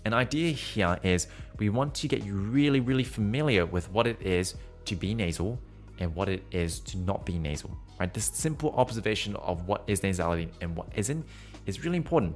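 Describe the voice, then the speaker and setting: A man teaching a singing lesson in direct, encouraging instructions, breaking off to demonstrate vowel and nasal sounds. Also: on the low side. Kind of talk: podcast voice lesson.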